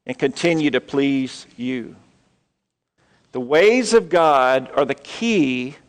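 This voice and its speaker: A man's voice: fairly high pitch, long reverb tail. A middle-aged man, preaching a sermon in a church auditorium and telling a story with asides to the congregation. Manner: storytelling with pauses and asides to the audience. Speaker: pastor.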